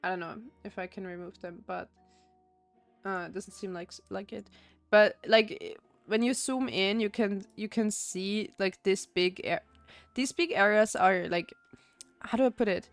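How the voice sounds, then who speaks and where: Soft music plays behind a young woman from Austria who chats at normal speed in a mid-range voice while streaming a game. The recording has no room sound, and her talk rambles with frequent fillers and restarts.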